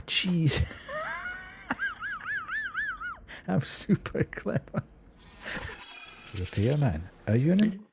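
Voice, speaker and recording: A Scottish man talks through a horror game on a live stream, his voice swinging widely up and down as he yelps and laughs at each scare. He speaks in an unhurried, drawn-out way between the frights, with a faint hiss underneath. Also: mid-range voice. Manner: jumpy, laughing reactions.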